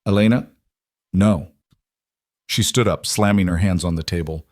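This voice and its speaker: A man narrating a scripted story in a steady, measured way. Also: deep voice, no echo, clean studio sound.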